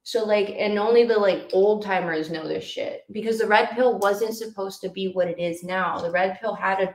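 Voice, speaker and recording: A woman's voice: mid-range voice, normal speed, a little mellow, roomy sound, poor audio. A woman co-hosting a podcast in casual, blunt, profane chat, talking with emphasis. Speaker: podcast co-host.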